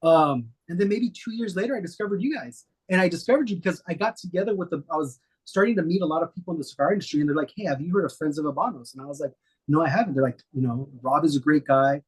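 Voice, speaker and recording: A middle-aged man, a guest, telling stories in a relaxed, rambling way with many fillers. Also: a little high, fast, breathy edge. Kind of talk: casual storytelling interview.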